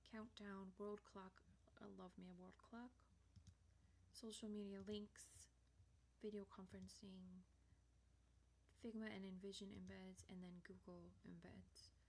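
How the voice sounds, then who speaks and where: A woman hosting a software tutorial, chatting casually as she clicks through features on screen. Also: medium pitch, level tone, unhurried, a little hiss or hum. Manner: casual, chatty walkthrough with fillers.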